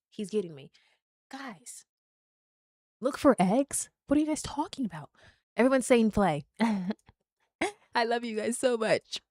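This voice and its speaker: A woman gaming streamer talking casually and excitably with her live chat. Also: mid-range voice, no room sound, clean studio sound. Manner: excitable, chatty, talks to chat.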